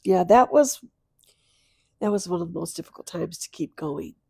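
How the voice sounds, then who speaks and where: A middle-aged woman, a podcast guest, telling a personal story of loss, tearful and earnest, moving from soft hushed lines to louder bursts. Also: on the low side, expressive, moderate pace, vocal fry, husky, no room sound, clean studio sound.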